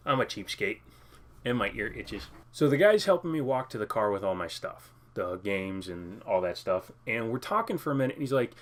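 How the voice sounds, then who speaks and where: A man's voice: on the low side, a bit bright. A man in a casual vlog, rambling and joking as he shows off games he bought. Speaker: game collector vlogger. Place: home living room.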